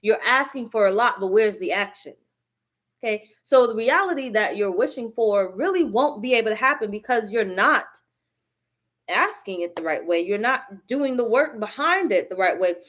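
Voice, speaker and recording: A woman's voice: medium pitch, lively intonation, moderate pace, fairly bright tone. A woman giving a live tarot reading, blunt and profane, hammering her points by repeating them. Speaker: tarot reader.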